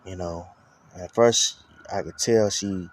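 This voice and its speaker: A man's voice: deep voice, slow. A man giving a casual personal testimony, rambling and profane, with lots of filler phrases. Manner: rambling, profane, full of "you know what I'm saying".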